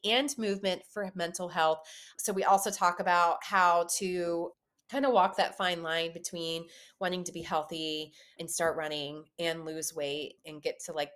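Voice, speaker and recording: Woman, podcast host, casual interview chat, animated, laughs often. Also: fairly low pitch.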